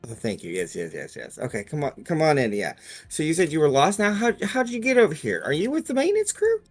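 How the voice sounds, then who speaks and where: A man's voice: fairly high pitch, huge pitch swings, fast, soft background music, voice pushed up. A man voicing a jittery male security guard who stammers and fumbles in a tabletop game. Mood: flustered. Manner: flustered, stammering.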